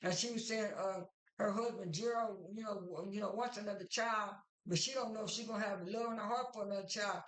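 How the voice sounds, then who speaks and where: A woman's voice: mid-range voice, fairly even intonation, brisk. A woman casually recapping a TV episode, full of fillers and repeated words as she searches for what to say. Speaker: show recap vlogger. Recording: roomy echo.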